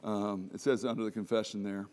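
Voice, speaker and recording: A man preaching a sermon as pastor in a church service, animated and self-deprecating, often restarting his sentences and laughing. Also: lowish voice, fairly quick, a little hiss or hum. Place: church during a worship service.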